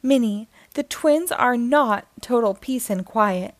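A woman voicing an excitable, chattery cartoon duck woman in a storybook reading, loud and eager. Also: on the high side, slow, no room sound. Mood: excited.

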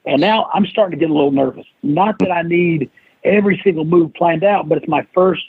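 A man's voice: a little high, brisk, husky, dry recording. A man, a guest on an interview podcast, telling a long story and acting out the quoted lines of the people in it. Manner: animated storyteller who acts out quoted lines. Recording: dry, tinny phone-like line.

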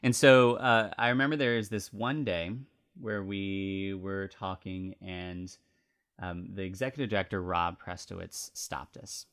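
A low-pitched man with a bright, forward tone tells a story on his faith podcast. He talks in an earnest, reflective way and pauses for fillers and restarts. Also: fairly even intonation, clean tone. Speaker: podcast host.

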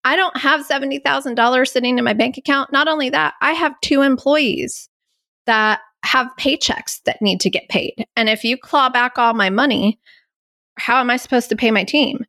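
Her voice sits high and sharp at a moderate pace as this podcast host tells a candid story. She sounds anxious and incredulous, with occasional self-mocking laughs, recorded in clean studio sound without room noise.

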